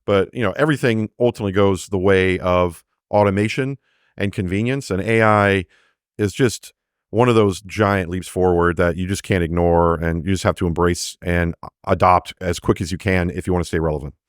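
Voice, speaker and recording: A man with a fairly low voice talks through how technology works as a guest on an interview. He loosens up into chatty asides and acts out little quoted exchanges. The sound is dry and close, with no room around it. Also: fairly even intonation, normal speed, clear, resonant tone, no echo. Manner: explains with quoted examples, many fillers. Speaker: AI developer guest. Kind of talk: conversational interview explanation.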